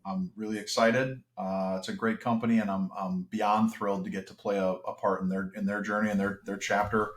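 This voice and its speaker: A man's voice: fairly low pitch, level tone, fairly quick, hardly any pauses, reverberant. A man as an interview guest, talking in an earnest, reflective way with frequent restarts. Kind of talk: casual podcast conversation.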